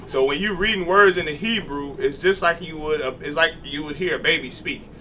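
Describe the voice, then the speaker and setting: A man teaches a reading class, coaching in an encouraging way and correcting pronunciation as he goes. His voice is crisp and very bright, set a little high. A faint hiss of noise sits in the background. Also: a little fast. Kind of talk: classroom instruction.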